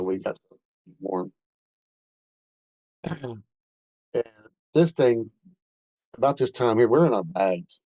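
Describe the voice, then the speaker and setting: A bigfoot researcher recounts his own encounter in a rambling, casual way, full of fillers and restarts. His voice is lowish and warm, and the rough recording has no echo.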